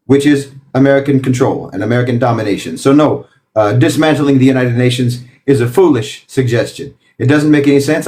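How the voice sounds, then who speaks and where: A man's voice: mid-range voice, darkish tone. A man giving an impassioned political talk, emphatic and lecturing, piling up repeated phrases. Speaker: political commentator.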